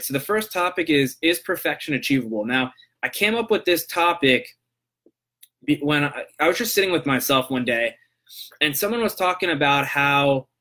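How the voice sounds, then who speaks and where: Hosting his own laid-back solo podcast, this man talks in a loose, wandering way and often ends lines with "right?". His voice runs on the high side, sounding pushed and bright.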